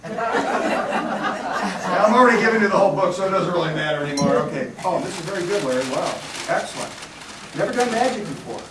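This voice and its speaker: A man performs stage magic with joking, self-deprecating patter, ribbing his volunteer. His voice sits high and swings widely in pitch. It is recorded from a distance in a reverberant hall, with loud noise behind. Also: animated, a little fast, pauses often. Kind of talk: live stage magic patter with audience banter. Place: large hall with live audience.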